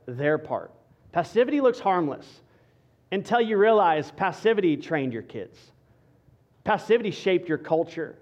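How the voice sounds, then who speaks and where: A male pastor preaches a sermon in an emphatic, repetitive rhetorical cadence, dropping to quiet for stress. His voice is on the high side, and the audio sounds dull.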